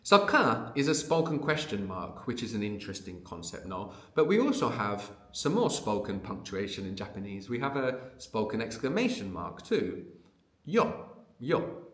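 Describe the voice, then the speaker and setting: A man's voice: fairly low pitch, sing-song, normal speed, a bit bright, roomy sound. A man teaching a language lesson. He explains patiently and often checks in with a questioning "no?".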